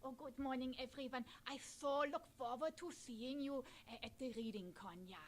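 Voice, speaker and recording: A woman voicing an old, gentle doll puppet, in a soft, hushed voice. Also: high-pitched, moderate pace.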